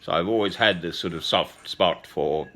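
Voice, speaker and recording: A man in his sixties talking in a slow, sentimental, rambling personal monologue with chuckles. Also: sits low, fairly bright tone. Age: 60s. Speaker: speaker addressing a woman.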